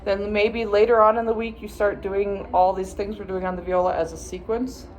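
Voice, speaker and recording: A woman's voice: medium pitch, level tone, normal speed, faint music behind. A woman viola teacher patiently walking students through practice steps, sometimes chanting rhythm words. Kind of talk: instructional practice walkthrough.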